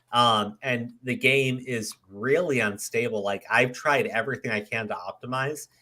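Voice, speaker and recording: A man's voice: medium pitch, bright, forceful tone. A man hosting a podcast in casual chat, rambling and often restarting his sentences, with frequent casual swearing. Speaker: podcast host.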